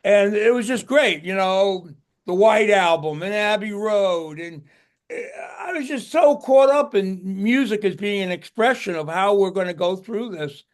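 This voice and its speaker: A man's voice: high voice, lively intonation, measured pace. An older man, a guest musician, tells stories in a casual interview, rambling and restarting his words.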